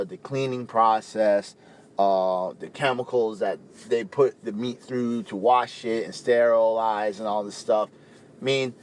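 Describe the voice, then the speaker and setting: A young man from the Caribbean, rambling in a casual, animated talk to camera and peppering his speech with "you know". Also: medium pitch. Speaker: vegan speaker.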